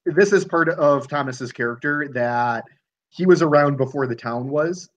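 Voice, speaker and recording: Game master, male, slightly raised pitch, patient rules explainer. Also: measured pace. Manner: explaining rules, hesitant fillers. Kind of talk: running a tabletop role-playing game.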